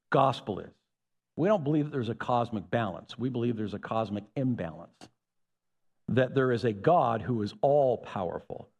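A man's voice: mid-range voice, a little mellow. A man preaching a sermon as pastor, building to emphatic peaks and calling out to the congregation. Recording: long hall reverb.

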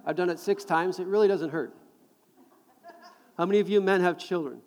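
A middle-aged man preaching a sermon to a live congregation, animated and jokey, repeating words as he builds a point. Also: sits high, moderate pace, a little hiss or hum. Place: large hall with audience. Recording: long hall reverb.

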